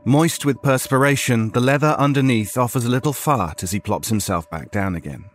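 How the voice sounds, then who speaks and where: A man narrating a horror story in a measured, storytelling way. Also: medium pitch, faint music behind.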